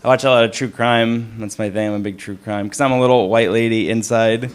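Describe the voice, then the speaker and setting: Deadpan self-deprecating man doing stand-up. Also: on the low side, brisk, clear, resonant tone. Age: 30s. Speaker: stand-up comedian. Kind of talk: stand-up comedy set. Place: comedy club stage. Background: audience laughter.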